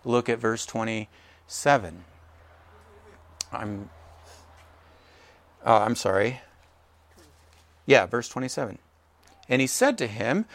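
A man preaching a sermon, animated, acting out the characters in quoted voices as he tells the story. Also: medium pitch, takes it slowly, pauses often. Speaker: pastor.

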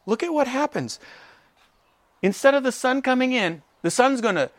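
Animated male preacher, dry sound. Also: very high voice, normal speed, no echo. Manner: animated, acts out characters in quoted voices. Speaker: pastor. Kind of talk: sermon.

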